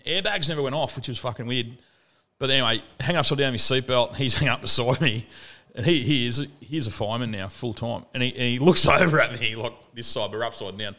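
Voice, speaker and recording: An Australian man telling stories as a podcast guest, animated and swearing freely. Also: medium pitch, fast. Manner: animated yarn-spinning, heavy swearing. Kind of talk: casual storytelling chat.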